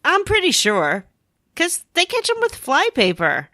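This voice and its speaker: A woman's voice: high-pitched, wildly swooping pitch, a little slow, bright, forceful tone, no room sound, studio quality. A woman co-hosting a casual gaming podcast, playfully spinning theories. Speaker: podcast co-host. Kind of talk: casual chat about a video game.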